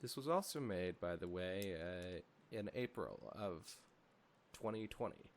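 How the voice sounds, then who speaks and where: A man's voice: low-pitched, lively intonation, a little slow, slight background noise. A man co-hosting a podcast who reads fan fiction aloud and breaks off into wry, joking commentary. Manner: wry and joking, often laughing. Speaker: podcast co-host and narrator.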